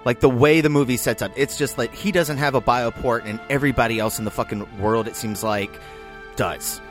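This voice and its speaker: A man co-hosting a podcast, arguing about a film in casual chat with animated, profane energy. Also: mid-range voice, fairly quick, over music. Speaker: podcast co-host. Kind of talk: casual movie discussion.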